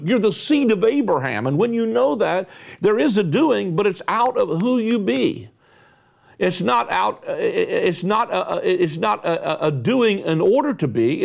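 Guy preaching a sermon, gravelly, kinda high voice, hammers words over and over. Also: a little mellow. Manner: emphatic preaching, repeating and stressing words, rising bursts.

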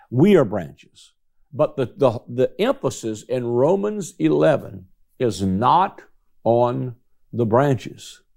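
A man's voice: medium pitch, gravelly, darkish tone. A man preaching a Bible teaching sermon, stretching out key words for emphasis.

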